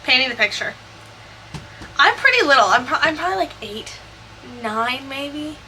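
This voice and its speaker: A woman's voice: high-pitched, expressive, sharp tone, slight background noise. A young woman telling a chatty, profane story over a video game build. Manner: chatty, profane, quick asides. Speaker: Sims builder and vlogger.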